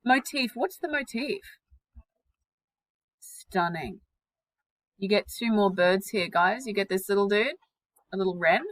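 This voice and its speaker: Woman teacher, unhurried delivery, dry close sound, quizzes the class, casual and lively. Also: mid-range voice, dry recording, poor audio. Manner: energetic, questioning, casual slang. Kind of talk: classroom literature lesson.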